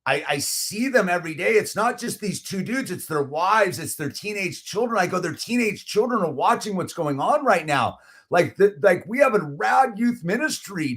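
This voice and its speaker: A middle-aged man with a slightly high voice tells a story in loose, casual chat. He gets animated and heated, leans on "dude" and "like," and restarts his sentences often. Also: husky. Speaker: channel host.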